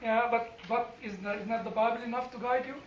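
This very high-voiced man talks fast while leading a church Bible class, peppering it with questions and self-mocking jokes in an animated style. There's a little hiss or hum, and the distant room mic sounds echoey and slightly muffled.

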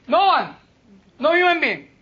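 Man, Bible teacher; very high, bright voice, slow delivery, dull lo-fi recording. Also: very animated. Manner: slow, searching for English words. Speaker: Bible lecturer. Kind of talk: informal Bible talk. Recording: dull lo-fi sound.

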